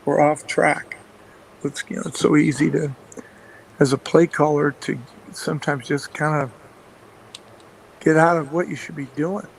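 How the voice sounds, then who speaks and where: Man, football coach, gravelly, monotone, rambling anecdotes, lots of fillers. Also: a little high, normal speed, pauses often, a little hiss or hum, poor audio. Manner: rambling, many fillers and restarts, chuckles often. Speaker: football coach and play caller. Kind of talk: casual anecdotes in a radio interview.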